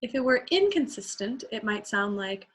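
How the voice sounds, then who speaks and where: A woman voice teacher leading a singing class. She talks in a relaxed, conversational way with fillers and breaks into sung examples to show each sound. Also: on the high side, normal speed.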